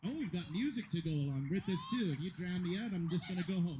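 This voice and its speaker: A man's voice: high-pitched, animated, quick pace, noisy background. A man giving rambling, joking live commentary at a dog agility competition. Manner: joking, rambling, self-deprecating. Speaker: event commentator. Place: dog agility event venue.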